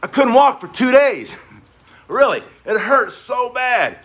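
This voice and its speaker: Male gym coach, higher-pitched, upbeat and chatty, calls out exercise cues. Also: slow pace. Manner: energetic, chatty, laughs while telling stories; coaching directions mid-exercise. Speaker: fitness coach. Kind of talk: spoken workout instruction with war stories.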